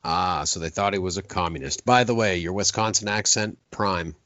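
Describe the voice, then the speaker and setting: Dry-humored man with a low voice. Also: moderate pace, fairly bright tone, no room sound, muffled recording. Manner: dry, joking, reads listener comments aloud. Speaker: podcast co-host. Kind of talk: casual film podcast chat.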